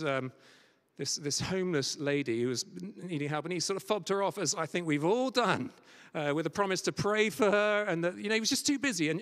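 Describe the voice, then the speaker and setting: A man preaching a sermon and telling stories, sometimes dropping to a soft near-whisper for quoted words. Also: sits high. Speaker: guest preacher. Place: large church. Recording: church hall reverb.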